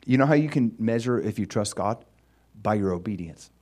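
A male pastor preaching in a casual, storytelling manner. His pitch moves widely as he speaks. He talks to the congregation in a relaxed, conversational way. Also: a little fast. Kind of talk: sermon.

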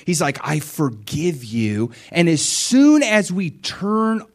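A middle-aged man preaching a sermon in an animated way, acting out prayers and replies and sometimes dropping to a whisper. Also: on the high side, slow.

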